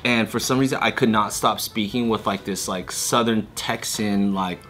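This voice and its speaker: A man's voice: on the low side, fairly even intonation, moderate pace, a bit bright. A man co-hosting a casual comedy news show, telling a rambling story and laughing mid-sentence. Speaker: podcast co-host. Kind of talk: casual group banter.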